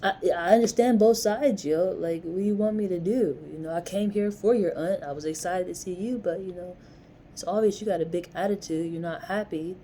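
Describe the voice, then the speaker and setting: With a lowish, warm voice and a fairly quick pace, a young woman vlogger rambles through a personal story, casual and conversational. She drops slang like "yo" often, and there's slight background noise.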